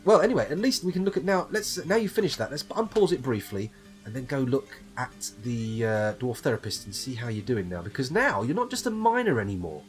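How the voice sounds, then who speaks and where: A man's voice: medium pitch, sing-song, a little fast. A man from the UK giving casual, wry commentary while streaming a game live, reading item text aloud and swearing in jest. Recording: faint background game music.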